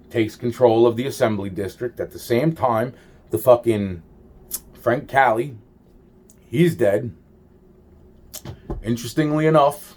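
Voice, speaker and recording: A man's voice: medium pitch, darkish tone, slight background noise. A man in a rambling monologue, swearing constantly and trailing off with exasperated sighs. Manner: trails off with repeated sighs of "wow".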